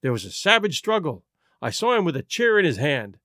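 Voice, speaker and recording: A man reading the part of a distressed aristocratic young wife, confessing her secret in an earnest, halting way for an audiobook. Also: a little high, sing-song, sharp tone, dry recording, studio quality. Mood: anxious.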